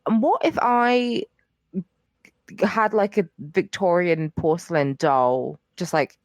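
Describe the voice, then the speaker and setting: A woman's voice: fairly low pitch, takes it slowly, no echo, clean studio sound. A young woman co-hosting a podcast in casual chat, rambling with lots of fillers and casual swearing. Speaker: podcast co-host.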